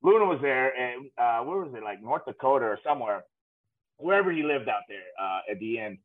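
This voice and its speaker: A man's voice: mid-range voice, lively intonation, fairly quick. A man telling rambling, laughing stories as a guest on a talk show. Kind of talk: casual storytelling. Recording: tinny phone-like line.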